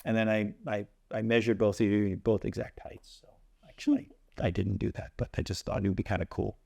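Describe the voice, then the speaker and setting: A man's voice: lowish voice, flat delivery, a little fast, vocal fry, warm tone. A man hosting a community theater talk show, chatting in a loose, rambling way and making self-mocking jokes. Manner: rambling, joking, restarts often. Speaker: community theater podcast host and epilogue writer.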